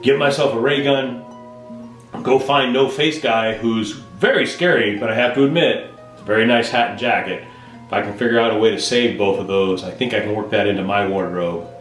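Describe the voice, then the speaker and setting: A man's voice: lowish voice, normal speed, fairly bright tone, roomy sound. A man rambling through a playful, self-correcting comic vlog monologue. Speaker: vlogger and storyteller. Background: music.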